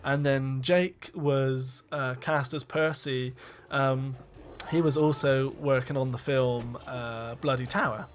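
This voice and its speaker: A man's voice: medium pitch, steady tone, takes it slowly, a little hiss or hum. A man giving a casual, rambling commentary as a film director, candid and self-deprecating, with frequent ums and restarts.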